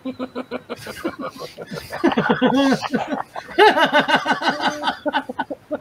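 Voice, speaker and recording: A man's voice: extremely high pitch, very slow, fairly bright tone, slight background noise, rough recording. A man hosting a casual livestream chat, telling jokes and stories and laughing between lines. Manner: giggly storyteller who laughs between lines. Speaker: livestream host.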